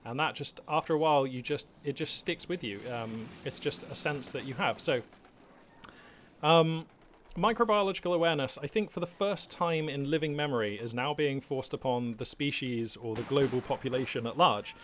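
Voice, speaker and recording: A man's voice: mid-range voice, moderate pace, a bit bright, a little hiss or hum. A man hosting his gaming channel, talking off the cuff from his home hobby room in a loose, rambling way full of ums and restarts. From England. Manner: rambling, many fillers and restarts, chatty. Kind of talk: casual unscripted monologue. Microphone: webcam setup.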